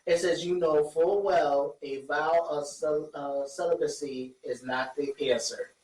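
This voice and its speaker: A man's voice: fairly high pitch, fairly even intonation, measured pace, a little mellow. Laughing man telling stories, distant echo. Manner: laughing storyteller, acts out lines. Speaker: podcast co-host. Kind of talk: casual chat. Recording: echoey room from far off, faint noise.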